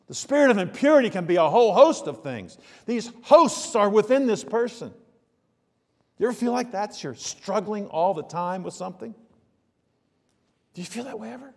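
Preaching in a church sanctuary's large hall, this pastor speaks conversationally. His high-sitting voice moves back and forth from quiet asides to loud emphasis.

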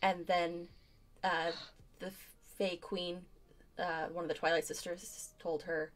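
A woman's voice: fairly low pitch, little pitch movement, slow. A woman co-hosting a live stream, chatting casually and rambling with many fillers. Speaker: co-host. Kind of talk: casual chat.

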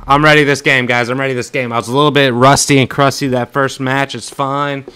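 Young man, gaming commentary, bright sharp voice, mid pitch, rowdy trash talk, headset mic. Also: fairly quick, smooth. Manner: loud, excitable trash talk, swearing, bursts of shouting. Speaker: gaming streamer. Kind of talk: casual gameplay commentary.

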